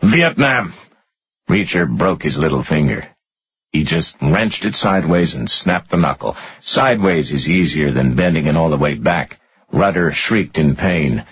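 A man narrating a thriller audiobook in a dramatic, expressive reading. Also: a bass voice, husky. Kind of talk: scripted narration. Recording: muffled lo-fi audio.

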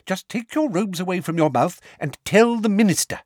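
A sickly-sweet, silky witch official, as a male reader puts her on, pitched well up with a lilting, swooping line. Her honeyed tone hides a sharp, snappish edge. It is read in a dry, close storybook voice. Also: animated, normal speed, no echo. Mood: impatient.

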